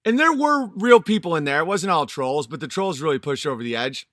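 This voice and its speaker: A man's voice: a little high, lively intonation, brisk, fairly bright tone, no echo, studio quality. A man in his thirties, a channel host, delivering an angry, profane and emphatic vlog monologue.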